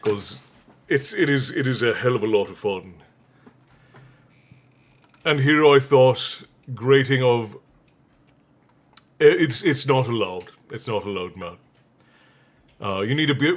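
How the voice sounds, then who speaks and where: A man's voice: mid-range voice, a little slow, long pauses. A man hosting a casual livestream who laughs often and reads out viewer messages. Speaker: livestream host.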